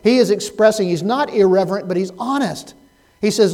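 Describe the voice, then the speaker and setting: A man preaching a Sunday sermon as pastor, swinging from loud, pleading cries to hushed, soft words. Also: on the high side, normal speed, poor audio.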